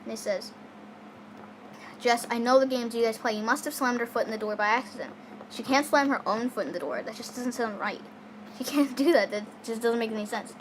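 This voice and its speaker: A woman's voice: on the high side, brisk, a little hiss or hum. A girl casually telling a personal story in a rambling way, with many fillers and restarts.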